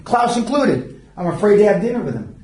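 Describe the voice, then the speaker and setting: The speaker is an older man leading a seminar as a mentor, his high voice swinging widely in pitch with a darkish tone and a slightly fast pace. He rambles through blunt, profane stories, and the lecture is heard from far off in an echoey seminar room.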